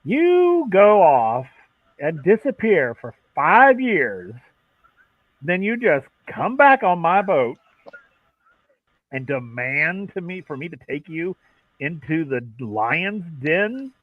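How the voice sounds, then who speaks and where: A man voicing a young, wiry male mechanic who complains indignantly and fast. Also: a little high, very animated, no room sound, pitched above the performer's own voice, heavily acted. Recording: dull dry lo-fi mic.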